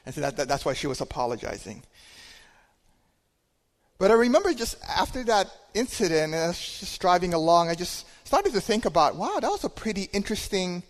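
A man speaking as a church minister at a Sunday service, telling a story in a relaxed way with hesitations and chuckles. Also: on the high side, a little fast. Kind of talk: sermon. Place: church sanctuary. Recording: long hall reverb.

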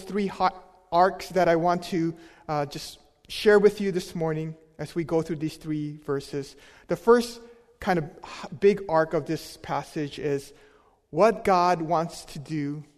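A man preaching a sermon as pastor, emphatic, with a voice that drops to a soft near-whisper on key words. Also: fairly high pitch, in a large hall.

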